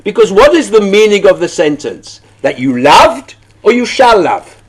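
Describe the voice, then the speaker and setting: A man's voice: high voice, very animated, normal speed. A man, a rabbi, teaching a text study lesson. He reads passages aloud, translates them, and asks questions that he answers himself.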